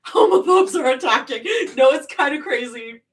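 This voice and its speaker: A woman's voice: sits high, animated, normal speed, recorded from a distance, rough recording. A woman streamer reading fan fiction aloud live and reacting to it, casual and sweary, with apologetic asides.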